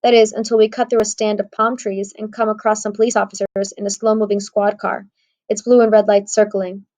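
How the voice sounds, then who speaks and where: A woman's voice: mid-range voice, little pitch movement, fairly quick, darkish tone, poor audio. A woman narrating an audiobook in the first person, wry and conversational.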